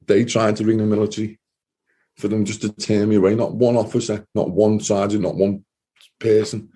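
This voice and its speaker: A man, a former soldier, giving a personal account in an interview, talking earnestly and haltingly and often repeating his words. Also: on the low side, flat delivery, warm tone, slightly rough.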